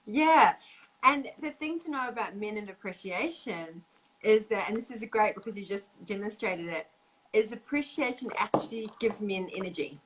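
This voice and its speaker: A woman hosting a casual chat about relationships, earnest and quick to laugh, acting out what men say. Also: mid-range voice, animated, a little hiss or hum, poor audio. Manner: earnest, laughs often, acts out quoted men. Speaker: podcast host.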